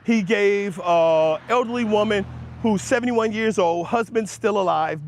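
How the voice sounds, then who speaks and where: High-voiced man arguing with his livestream chat. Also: no echo. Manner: emphatic, argumentative, rising in pitch when making points; addresses chatters by name, laughs them off. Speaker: livestream host answering chat. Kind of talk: heated livestream talk to chat. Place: outdoors near passersby.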